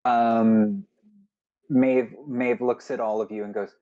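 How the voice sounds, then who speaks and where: A man running a tabletop game as game master, slow and hesitant with many fillers. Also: medium pitch, little pitch movement, warm tone, highs cut off.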